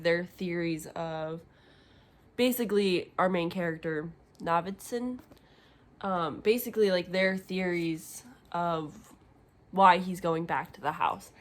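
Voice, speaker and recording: Young female book vlogger, casual and rambling, expressive, mid-pitched. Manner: rambling and chatty, with many fillers; emotionally expressive. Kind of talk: casual reading vlog chat.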